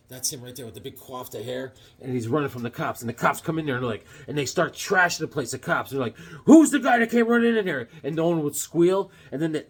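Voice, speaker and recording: Chatty man with a slightly high voice. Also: husky. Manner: loose and chatty, full of fillers and tag questions; jokey, with puns. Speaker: comic book reviewer. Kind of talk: casual rambling review.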